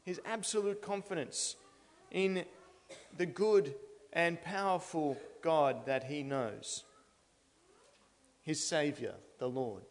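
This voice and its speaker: A man's voice: on the high side, takes it slowly, long pauses. A man with a slightly raised voice preaches an earnest sermon in a church. He builds steadily toward emphatic declarations. His words ring out with the long reverb of a large hall. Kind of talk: expository sermon.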